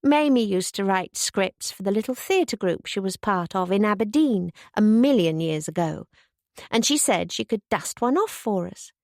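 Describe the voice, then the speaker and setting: A woman's voice: mid-range voice, animated, moderate pace, a little mellow, dry recording, clean studio sound, close to an everyday voice. A woman voicing an eager, bubbly young woman who gushes with enthusiasm. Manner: eager, gushing.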